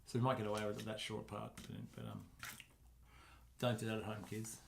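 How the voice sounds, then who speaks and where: A man's voice: on the low side, fairly even intonation, a little fast, gravelly, very noisy. A middle-aged man, co-hosting a podcast in rambling, joking casual chat full of restarts. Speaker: podcast co-host.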